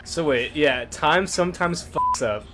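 Animated, sarcastic man playing a game. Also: fairly high pitch, measured pace, over music. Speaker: co-host of a gaming show. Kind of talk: casual let's-play banter.

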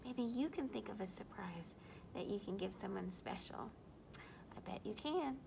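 A woman reading a picture book aloud to young children, animated and drawn-out, asking her listeners questions. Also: mid-range voice, vocal fry, background noise. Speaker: storyteller for children.

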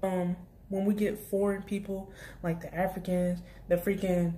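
A woman's voice: medium pitch, flat delivery, moderate pace, mellow. A young woman vlogger telling a casual storytime about her job, rambling with many restarts and asides. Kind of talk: storytime vlog.

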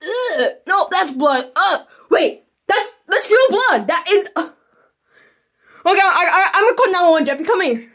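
A man's voice: extremely high pitch, sing-song, moderate pace, bright, forceful tone, no room sound, clean studio sound, full character voice. A man voicing Mario as a bossy, short-tempered dad in a puppet fan video, scolding and dismissive. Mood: panicked.

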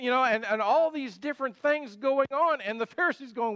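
A man's voice: very high-pitched, a little fast, few pauses, pushed and bright, no echo. A middle-aged male pastor giving a conversational sermon full of rhetorical questions.

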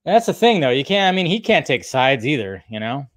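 A man's voice: medium pitch, very animated, fairly quick, dry recording, studio quality. Laid-back man rambling through live chat. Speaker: YouTube host answering live chat. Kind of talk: casual livestream chat.

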